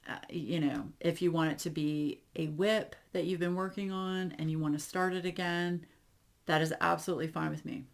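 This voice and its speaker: A woman chatting casually to her viewers as a crafting YouTuber, animated and wry, with lots of fillers. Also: sits low. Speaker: diamond painting YouTuber.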